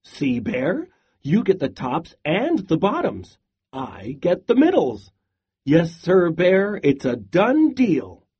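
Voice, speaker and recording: A man voicing a scheming male hare in a storybook read-aloud, with a smooth-talking, chirpy patter. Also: a little high, wildly swooping pitch, takes it slowly, dull audio, exaggerated voice. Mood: smug. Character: sly scheming male hare, cheerful trickster.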